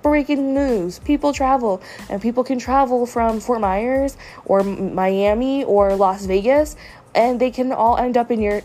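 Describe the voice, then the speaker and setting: A woman's voice: on the high side, a little mellow. Woman venting about a bad date. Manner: upset, venting, with frequent fillers. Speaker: podcast host. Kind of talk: personal storytelling monologue.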